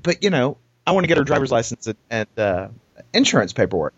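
Animated male storyteller, lively pitch. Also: fast talker, slightly rough. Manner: animated, acts out quoted voices. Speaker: podcast co-host. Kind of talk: casual storytelling chat. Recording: dull lo-fi sound, dry.

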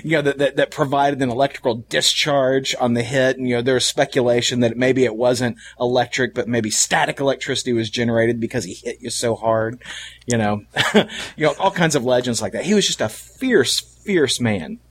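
A man chatting casually, telling a childhood story in an animated way and laughing often. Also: mid-range voice, a little fast, a little hiss or hum. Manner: animated storyteller, acts out quoted voices with laughs.

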